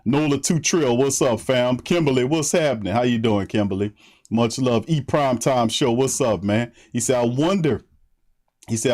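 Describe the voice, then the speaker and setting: New guy doing a sports stream, mid-pitched, slangy and laughing, shouting out the chat. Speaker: sports podcast host. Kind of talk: casual livestream chat.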